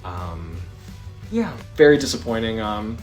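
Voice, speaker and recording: A man in his thirties tells a casual story with real animation, acting out each scene as he goes. His pitch swings widely from low to high, and faint music sits quietly in the background. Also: a little slow. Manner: animated, acts out the scenes he describes.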